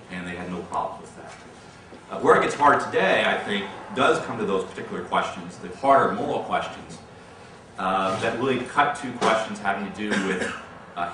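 Lecturer with a bright voice in an echoey hall. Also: male voice, fairly low pitch. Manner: measured, repeats words when starting sentences. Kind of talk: lecture answering audience questions. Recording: echoey hall from far off, faint noise.

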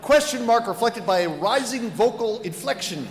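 A man's voice: high voice, expressive, normal speed, a crowd in the background. A man moderating a panel discussion and taking questions, with a dry, joking manner. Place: large conference hall. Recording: roomy hall with long reverb.

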